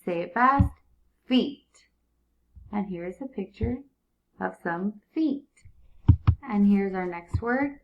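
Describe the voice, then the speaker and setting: Slow, patient reading teacher, woman. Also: medium pitch, animated, muffled recording, slight background noise. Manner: slow, clear prompting with repeated cues. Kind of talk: early reading lesson for young students.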